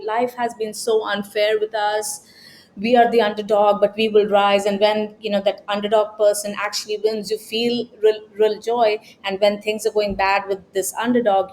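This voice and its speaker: A woman's voice: mid-range voice, dark tone, slight background noise. A woman self-help coach giving an emphatic, scolding motivational talk, repeating her points. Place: New York.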